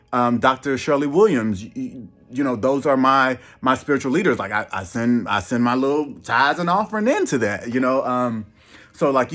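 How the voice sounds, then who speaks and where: A man vlogging casually, stumbling and repeating words with many pauses. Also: medium pitch, fairly bright tone. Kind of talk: casual vlog talk.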